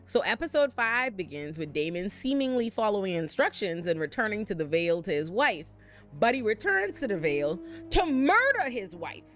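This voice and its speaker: A woman's voice: medium pitch, sing-song, normal speed, fairly bright tone, soft background music. A woman hosting a casual TV recap, sassy and profane as she tells the story. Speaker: host.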